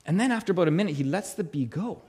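Emphatic high-voiced man preaching. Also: expressive, very fast, darkish tone, breathy edge. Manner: emphatic, repeats key phrases, voice swells and drops low for weight; frequent restarts and stammered repeats. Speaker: pastor. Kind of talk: sermon.

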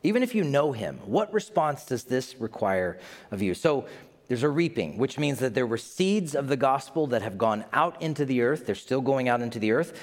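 Animated male preacher in an echoey hall. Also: mid-range voice, moderate pace. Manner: conversational, animated preaching with asides. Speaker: pastor. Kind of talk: sermon.

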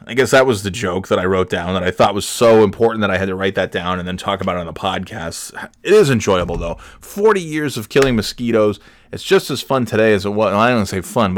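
A man's voice: lowish voice, no echo, clean studio sound. A man in his forties hosting a solo comedy podcast, rambling from one tangent to the next, cursing and restarting his sentences. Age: 40s. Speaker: podcast host.

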